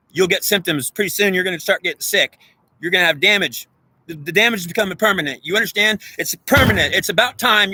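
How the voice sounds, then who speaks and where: With a voice that sits high, bright and slightly rough, a self-styled spiritual speaker uses a forceful tone to lecture the viewer head-on. His intense spiritual monologue is profane, preachy and repetitive, and the recording has no echo.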